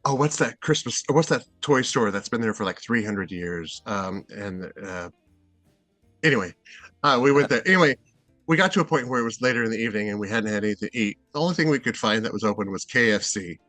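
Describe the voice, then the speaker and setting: A man's voice: on the low side, expressive, brisk, a bit bright, dry recording, faint music behind. A middle-aged man from Seattle, a guest in a casual interview, rambling and hesitant with many fillers and restarts. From Seattle, USA.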